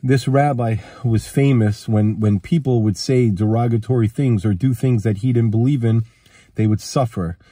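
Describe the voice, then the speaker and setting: A man's voice: mid-range voice, moderate pace, mellow, husky, no room sound, clean studio sound. A man with a cold telling a personal story in a casual, rambling way, acting out the lines of the people in it. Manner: rambling, acts out quoted dialogue. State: has a cold.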